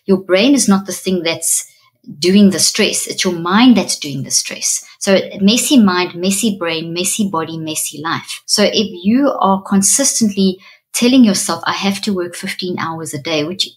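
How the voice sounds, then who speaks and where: A woman speaks as a neuroscientist guest on a podcast. Her voice sits a little low, and her tone is earnest and emphatic. She teaches as she talks and repeats key phrases for weight. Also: measured pace. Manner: acts out inner self-talk in a higher voice. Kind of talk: podcast interview explanation.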